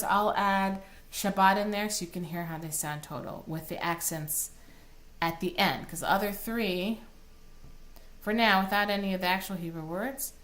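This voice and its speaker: A woman's voice: mid-range voice, fairly bright tone. A woman cantor teaching Torah cantillation, explaining plainly and breaking into short sung chant phrases. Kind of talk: recorded online lesson.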